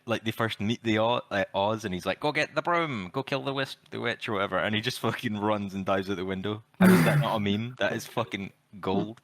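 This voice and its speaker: A man's voice: mid-range voice, fairly bright tone, no room sound. A man co-hosting a podcast, reviewing a film in casual chat, swearing often and laughing as he retells scenes. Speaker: podcast co-host.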